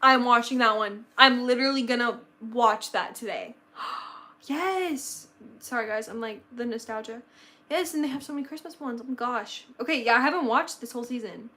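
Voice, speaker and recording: Teen girl on a livestream, kinda high voice, gets all excited and nostalgic, says like constantly. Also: normal speed. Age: teen, about to turn sixteen. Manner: excitable, gasping and nostalgic, lots of "like". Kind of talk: casual live stream chat.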